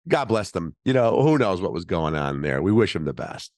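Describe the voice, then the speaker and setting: A man's voice: deep voice, sing-song, moderate pace, darkish tone, no room sound. A middle-aged man hosting a casual, opinionated commentary monologue, chatty and full of fillers and asides. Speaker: show host.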